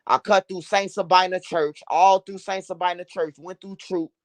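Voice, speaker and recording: A man casually telling a profane, animated street story, repeating phrases for emphasis. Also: high voice, moderate pace, no room sound.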